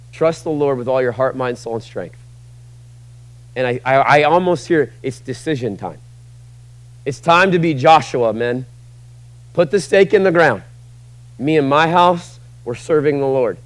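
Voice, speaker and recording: A male pastor preaching a sermon, swinging between loud emphatic peaks and quiet conversational asides. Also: medium pitch, no echo.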